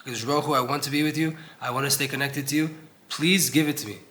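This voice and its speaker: A man's voice: medium pitch, fairly even intonation, fast talker, pushed and bright. A young man teaching an informal Torah class in an old synagogue, earnest and conversational, acting out voices when he quotes people.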